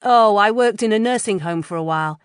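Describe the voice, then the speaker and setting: A woman voicing a brisk, commanding young woman. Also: medium pitch, smooth, dry recording, clean studio sound, pitched above the performer's own voice, natural voice. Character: sharp, watchful capable young woman.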